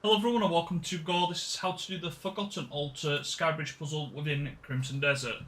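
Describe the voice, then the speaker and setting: A man's voice: on the high side, fairly even intonation, fast talker, a bit bright. A man giving casual game walkthrough commentary, chatty and often correcting himself mid-sentence. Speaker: gaming channel host.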